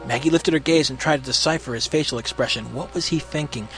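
A man narrating a story in an expressive reading. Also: medium pitch, quick pace, soft background music. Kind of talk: storybook reading of fan fiction.

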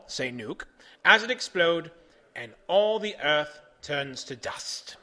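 A man doing a deadpan comic reading in deliberately broken English, in a mock-pompous manner, yelling the quoted lines. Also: fairly high pitch. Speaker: host reading comic stories.

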